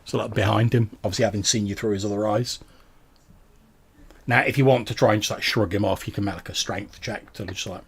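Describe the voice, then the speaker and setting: A man's voice: on the low side, steady tone, fairly quick, husky. A man narrating a tabletop game as game master, talking casually with many fillers. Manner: casual, many fillers, puts on brief character voices.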